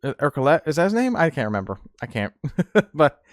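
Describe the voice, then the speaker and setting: A man's voice: a little high, sing-song, brisk, no room sound, studio quality. A man hosting a podcast, rambling in casual chat with frequent laughs and fillers. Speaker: podcast host.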